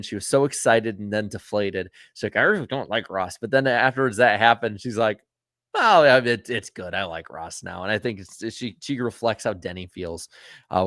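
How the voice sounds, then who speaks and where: On a dry, studio-quality recording, a man from Florida with a voice on the low side runs a casual livestream. He rambles through chat and viewer comments, full of ums and uhs, and gets firm when telling off rude viewers.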